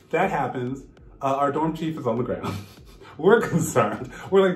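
A man's voice: a little high, a little slow, echoey room. A man vlogging casually, telling a story with laughter and acting out what people said. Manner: animated, laughing, acts out quotes.

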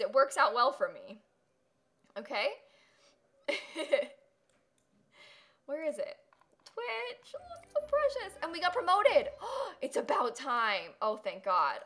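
A young woman livestreaming a game, her voice pitched a bit high and swooping all over as she coos and giggles. She talks casually to her viewers, gushing over everything on screen. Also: a bit bright. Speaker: streamer. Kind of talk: casual livestream gameplay chat.

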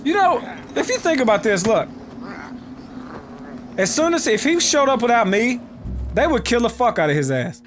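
A young man doing let's play commentary, excitable and profane, trash-talking the enemies in his game. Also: very high voice, normal speed, long pauses, music in the background. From United States. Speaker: gaming YouTuber.

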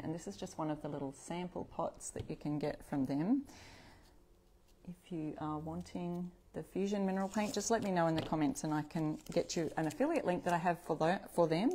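A little hiss or hum sits under her fairly low, darkish voice. She's a woman hosting an upcycling livestream at home in her craft space, reading viewer comments aloud, chatting with them, and correcting herself while working.

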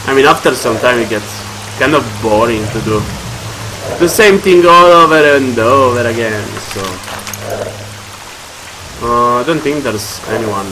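A man's voice: mid-range voice, measured pace, pauses often, heavy background noise. Rambling young man narrating a game. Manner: rambling, jumpy, panicky bursts. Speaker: let's play gamer. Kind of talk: casual gameplay commentary.

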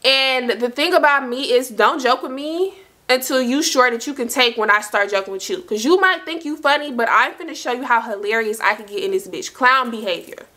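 Bright-voiced young woman telling a story. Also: a little high, a little fast. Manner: animated, acts out quoted dialogue, talks to viewers directly. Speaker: storytime vlogger. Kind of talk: casual storytelling.

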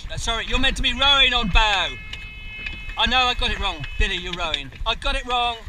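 A man coxing a junior rowing crew, shouting urgent commands and calling rowers by name, recorded outdoors on open water from a camera on the boat. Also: very high voice, expressive. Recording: loud wind and water noise. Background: loud rushing wind and water.

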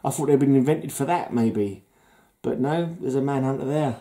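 A man's voice: mid-range voice, normal speed, warm tone. Chuckling man showing his comics. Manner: chatty and easily amused, chuckles often. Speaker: comic collector vlogger. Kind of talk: casual comic collection show-and-tell.

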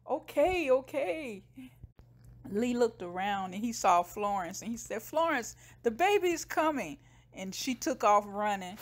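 A woman casually retelling a TV episode scene by scene, briefly voicing the characters' lines. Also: fairly high pitch. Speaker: show recapper.

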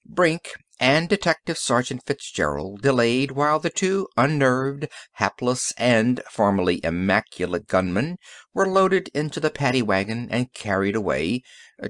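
A man narrates an audiobook in steady storytelling fashion, his pitch rising and falling freely. The sound is close and dry, with no room around it. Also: no room sound. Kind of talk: scripted narration.

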